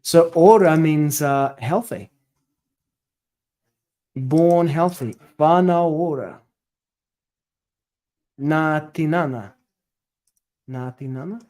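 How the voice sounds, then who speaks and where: A man's voice: on the high side, very slow, pauses often, dark tone. A man working through a translation aloud, tentative and self-correcting as he muses over each word. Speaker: scripture study presenter.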